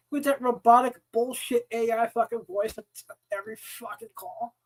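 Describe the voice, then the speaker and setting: A male podcast host, in a profane, exasperated rant that rolls on and on. His voice sits unusually high for a man. He talks angrily and swears often. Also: normal speed, rough recording. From United States. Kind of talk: profane ranting monologue.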